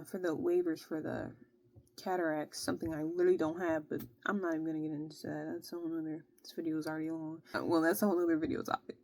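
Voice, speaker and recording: Give me a young woman telling a story, animated and fed up, with a warm, slightly low voice. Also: no echo. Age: young adult. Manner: animated, exasperated, slangy. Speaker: vlogger. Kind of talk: casual storytelling.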